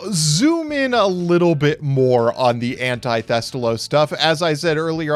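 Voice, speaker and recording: A man's voice: a little high, dry recording. A man giving casual play-by-play commentary on card game duels, wry and upbeat, talking to viewers as folks, with hiccups breaking in.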